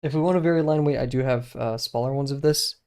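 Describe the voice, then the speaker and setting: A man's voice: medium pitch, fast, a little mellow. A man streaming himself drawing, thinking aloud in a rambling, hesitant way with lots of fillers and small self-deprecating laughs. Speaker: streamer learning to draw.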